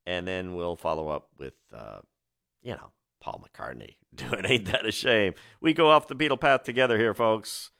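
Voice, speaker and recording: Chatty low-voiced man radio DJ. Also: big pitch swings, moderate pace, vocal fry, pushed and bright, no echo, studio quality. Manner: chatty, enthusiastic storyteller, many restarts. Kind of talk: radio music show patter.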